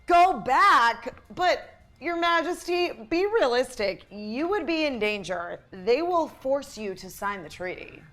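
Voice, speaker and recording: A woman's voice: high-pitched, sing-song, slow pace, fairly bright tone, full character voice. A woman reading as a pleading, worried senator.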